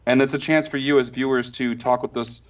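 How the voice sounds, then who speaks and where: A man co-hosting a casual podcast, promoting the channel in a relaxed way with light chuckles. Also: mid-range voice, a little fast. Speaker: podcast co-host. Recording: dull lo-fi mic with keyboard typing.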